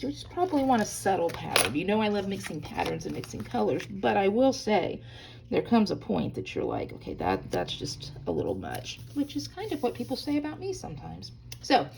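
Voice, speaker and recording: Chatty, lively woman crafting host. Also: medium pitch, gravelly, slight background noise. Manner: chatty, bubbly, talks straight to viewers. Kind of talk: hands-on crafting tutorial. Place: hotel room.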